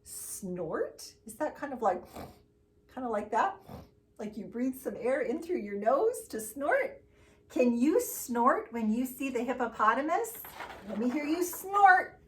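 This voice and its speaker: A preschool teacher with a high, bright voice reads a picture book aloud to small children. She takes her time, stretching the words in a sing-song, animated way. She keeps coaxing her young listeners to join in. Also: slow pace, pauses often.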